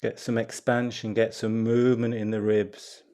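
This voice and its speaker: A middle-aged man leads a qigong and movement class, calmly cueing breath and posture and chatting between exercises. He has a lowish voice and speaks at a moderate pace.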